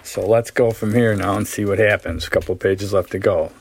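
A man reading a story aloud at a measured pace, then explaining it with casual fillers as a teacher. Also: fairly low pitch, fairly even intonation, vocal fry, husky. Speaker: literature teacher.

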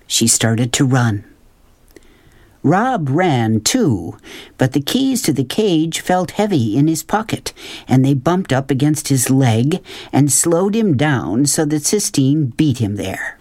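A woman hosting a children's show, reading a book aloud in a clear, expressive way. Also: very deep voice, slow, no room sound. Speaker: host and storyteller.

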